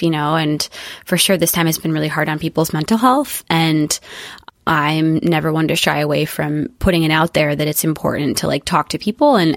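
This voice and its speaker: A young woman from the UK, raised in Spain and the USA, talking casually as a podcast guest in a lively, chatty way with plenty of fillers. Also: sits low, dry recording, studio quality. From UK-born, raised in Spain and the USA. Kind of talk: casual conversational chat.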